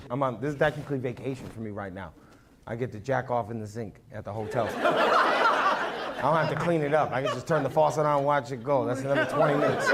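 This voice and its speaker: Brash profane man doing stand-up. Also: fairly high pitch. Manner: profane, brash, teasing the audience. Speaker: stand-up comedian. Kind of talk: stand-up set with crowd work. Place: small comedy club. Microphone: handheld microphone. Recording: noisy live club with loud crowd. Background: audience laughter.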